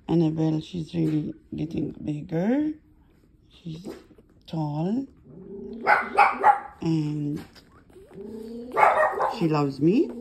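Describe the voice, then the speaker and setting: A woman's voice: on the low side, gravelly, dark tone, husky. A woman filming her puppies at home, cooing and baby-talking to them in non-native English, then turning to the camera to explain. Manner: coos and baby-talks to puppies, switching to plain explaining. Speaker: puppy owner. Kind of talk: casual home video chat.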